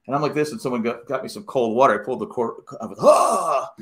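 Bright-voiced middle-aged man telling stories. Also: mid-range voice, rapid-fire. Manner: rambling, animated storyteller with many restarts. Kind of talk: casual chat.

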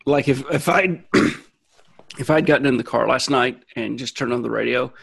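A man's voice: mid-range voice, moderate pace, creaky, fairly bright tone, husky. A man co-hosting a podcast, chatting candidly with some swearing. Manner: candid, profane. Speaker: podcast co-host. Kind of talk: casual podcast chat.

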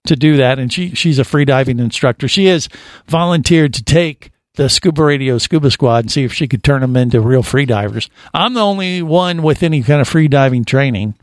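A man's voice: mid-range voice, a little fast, dry recording. Jokey male radio host in a dry studio. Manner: jokey, rambling banter. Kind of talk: casual studio chat.

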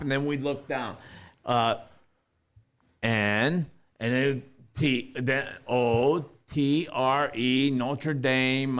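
A man's voice: mid-range voice, clean tone. A middle-aged man co-hosting a podcast, swearing freely and telling stories with animation. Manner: profane, animated storyteller. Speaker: podcast co-host. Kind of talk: casual chat, storytelling.

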